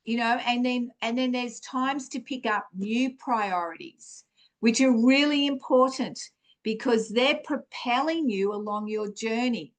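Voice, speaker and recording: A woman's voice: fairly high pitch, a little slow. A woman hosting a podcast, giving an earnest, encouraging spiritual teaching talk, full of fillers and restarts. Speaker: podcast host.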